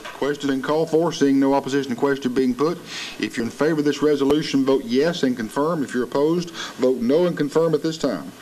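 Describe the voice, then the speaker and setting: A man with a Southern American accent chairs a county commission meeting, calling votes in a formal, procedural manner. His voice is medium-pitched, fairly quick and a little mellow, in a low-quality recording with slight background noise.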